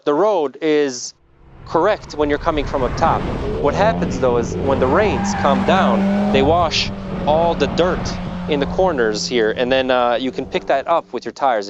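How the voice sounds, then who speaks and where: A man's voice: mid-range voice, lo-fi sound, background noise. A man working as a motorcycle tour guide, telling the story of a crash in earnest vlog narration outdoors on a mountain road. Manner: earnest storytelling, explains carefully.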